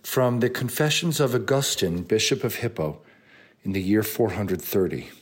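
A man giving a solemn, expressive devotional reading of a classic spiritual text. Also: lowish voice, husky. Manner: slow, solemn, expressive recitation. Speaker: reader.

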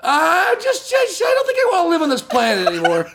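Comedy podcast host, male, high and animated voice, rambling storyteller who laughs a lot. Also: brisk, creaky, crowd noise. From California. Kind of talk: casual comedy podcast chat.

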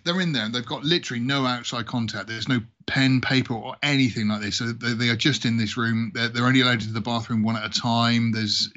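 A man's voice: mid-range voice, fairly even intonation, fast, hardly any pauses, pushed and bright, highs cut off. A British man casually chatting about films as a podcast co-host, rambling and jokey. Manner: rambling, jokey, laughs often.

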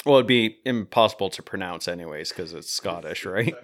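A man's voice: low voice, lively intonation, brisk. A man co-hosting a podcast, joking around in casual chat with many fillers. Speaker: podcast co-host.

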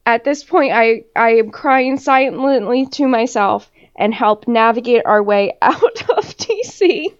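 A woman with a high voice chats casually on a podcast, spinning a story full of swearing and laughter. The recording is dull and lo-fi. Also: animated, a little slow, hardly any pauses, clear, resonant tone. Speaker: podcast co-host. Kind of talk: casual chat.

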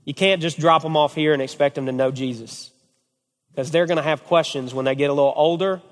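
Animated pastor preaching in a reverberant hall. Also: male voice, on the high side, brisk. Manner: animated storytelling, repeated "okay?". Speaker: family pastor. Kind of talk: sermon to a men's group.

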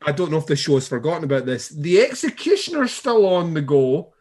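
A man's voice: fairly high pitch, lively intonation, fairly quick, a little mellow. A man co-hosting a podcast in casual chat, rambling through a recap of a TV show with frequent swearing and restarts. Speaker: podcast co-host.

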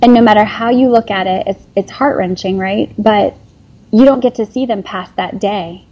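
Earnest woman with a mellow husky voice. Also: mid-range voice, moderate pace, dull audio. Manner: earnest, rambling with restarts and fillers. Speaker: guest, company founder and former nurse. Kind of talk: emotional interview conversation.

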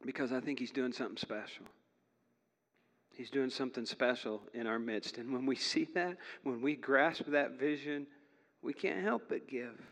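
A man's voice: fairly high pitch, a bit bright. A man preaching as a pastor in a church, earnest and chatty, laughing now and then between points. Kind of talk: sermon. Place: church sanctuary. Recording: long reverb of a large hall.

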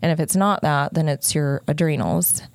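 A woman with a low, gravelly voice shares a painful personal story. She speaks in halting, unguarded bursts with many restarts, sounding close to tears. The sound is dry and close. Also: a little mellow, no echo.

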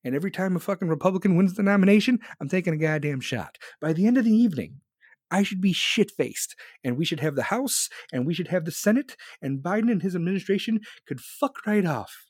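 A man in his forties hosts a live podcast, reading chat while ranting angrily and bluntly with heavy swearing. His voice is high-pitched and animated, with a fast delivery, a darkish tone and a breathy edge. The recording is studio quality with no echo.

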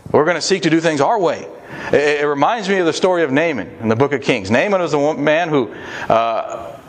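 A man's voice: a little high, slight background noise. A man preaching a sermon to fathers, earnest and plain-spoken, acting out quoted prayers as he teaches.

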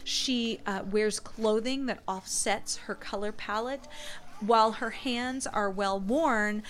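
A woman's voice: mid-range voice, slow pace, a bit bright, a little hiss or hum. Woman game master narrating a tabletop game, playful, laughs a lot.

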